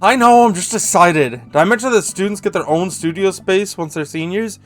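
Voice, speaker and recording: Man doing a gushing teen girl, bit higher voice, eager, game character. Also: moderate pace, soft background music, lightly acted. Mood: excited. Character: excited teenage girl heading to college.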